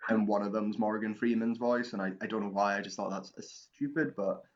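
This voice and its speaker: Stammering man on dull lo-fi audio. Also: fairly low pitch. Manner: halting, stammering, animated. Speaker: podcast host. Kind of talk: casual chat.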